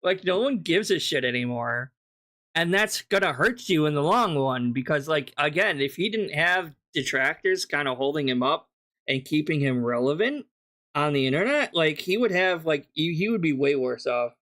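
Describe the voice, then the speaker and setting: A man's voice: fairly high pitch, animated, moderate pace, a bit bright. A man streaming a reaction to a video, talking casually, bluntly and mockingly, swearing often.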